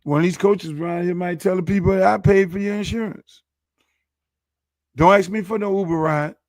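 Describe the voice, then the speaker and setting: A man's voice: high voice, steady tone, normal speed, a little mellow, no echo, clean studio sound. A man who is a show host and football coach, venting in a heated, profane, repetitive rant. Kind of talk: casual ranting monologue.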